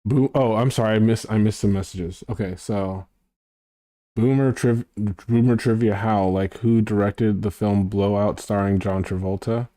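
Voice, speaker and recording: A man's voice: fairly low pitch, steady tone, unhurried, mellow, no echo, clean studio sound. A man streaming, chatting casually with viewers, rambling and sometimes mumbling to himself.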